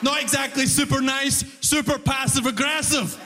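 A high-pitched man tells stand-up stories with lots of energy, raising his voice for the punchlines. His set is caught live in a reverberant room with faint ambience behind him. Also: normal speed, noisy background. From immigrant to Canada. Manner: animated, shouts punchlines and acts out exchanges. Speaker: stand-up comedian. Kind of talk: stand-up comedy storytelling. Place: comedy club stage before a live audience.

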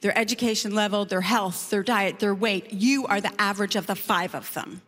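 A woman comedian voicing a earnest woman life coach who lectures about friends and success, a bit lower and softer than her own voice. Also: moderate pace, big-room sound, close to an everyday voice.

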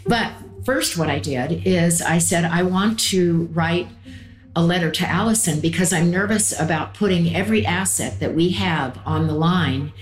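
A middle-aged mother with a low voice speaks earnestly and deliberately, hurrying a little when she is anxious. The recording sounds roomy, and music plays clearly beneath her. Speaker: interviewee, a mother. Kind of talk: earnest interview recounting.

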